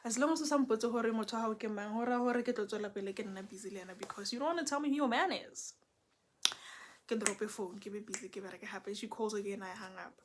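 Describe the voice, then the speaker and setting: A young South African woman, a Setswana speaker, telling a story in a casual, animated way with lots of code-switching. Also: medium pitch, fast talker, a little hiss or hum.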